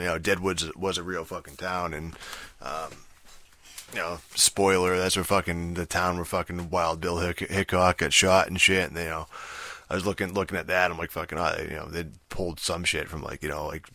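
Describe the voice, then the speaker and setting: Deep bright-toned man rambling profanely. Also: no echo. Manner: heavy swearing and filler words, rambling. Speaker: show reviewer. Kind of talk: casual rambling rant.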